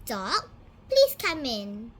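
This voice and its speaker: A woman teaching young children animal names in a slow, sing-song way, spelling and repeating each word. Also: fairly high pitch, wildly swooping pitch, noisy background. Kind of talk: children's vocabulary lesson.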